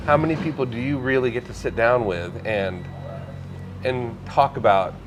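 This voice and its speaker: A man, a psychic medium, telling stories in a relaxed podcast conversation, earnest and sometimes emotional. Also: mid-range voice, normal speed, background noise. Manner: storytelling, earnest, gets emotional.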